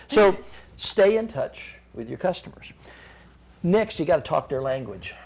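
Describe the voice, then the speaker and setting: A man's voice: fairly high pitch, big pitch swings, measured pace, a little mellow. A middle-aged man, a chamber of commerce guest on a talk show, gives folksy business advice with frequent restarts and repeated words.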